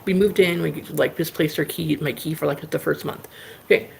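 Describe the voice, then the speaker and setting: Gravelly low-voiced woman telling stories. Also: normal speed, a little hiss or hum. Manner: rambling, lots of "like" fillers; animated anecdote telling. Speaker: livestream host. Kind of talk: casual storytelling chat.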